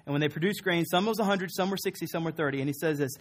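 A pastor in the pulpit, a man whose voice sits somewhat higher than most. He preaches with earnest emphasis, leaning on repeated phrases to drive each point home. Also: rapid-fire. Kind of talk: sermon.

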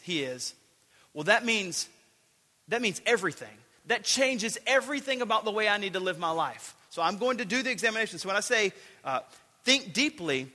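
A man's voice: sits high, sharp tone, in a large hall. A man preaching a sermon, earnest and emphatic, building points through repeated phrases.

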